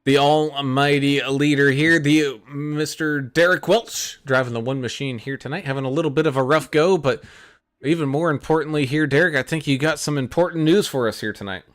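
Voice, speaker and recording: A man's voice: a little high, moderate pace. Upbeat male racing broadcast host. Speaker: play-by-play host. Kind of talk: sim racing broadcast commentary.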